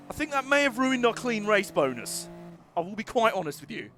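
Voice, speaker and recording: Brief: man, racing game streamer, high voice, excitable, laughs a lot, crude jokes. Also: measured pace, pauses often, slight background noise. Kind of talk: live racing gameplay commentary.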